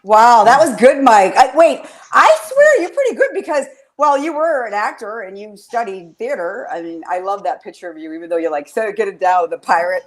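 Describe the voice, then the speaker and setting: A woman's voice: a little high, big pitch swings, moderate pace, few pauses. A woman hosting a casual podcast chat, rambling through stories, swearing freely and getting emotional. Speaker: podcast host.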